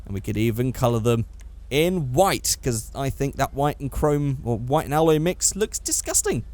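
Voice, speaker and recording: A man's voice: medium pitch, sing-song, moderate pace, a little mellow. A young man giving rambling, casual gameplay commentary, swearing freely and correcting himself as he goes. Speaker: gaming YouTuber.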